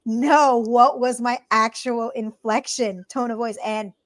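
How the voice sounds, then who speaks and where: A woman with a fairly high voice co-hosts a casual podcast chat. She talks bluntly and with emphasis, and she comes back to her points again and again. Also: steady tone, takes it slowly. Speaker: podcast co-host.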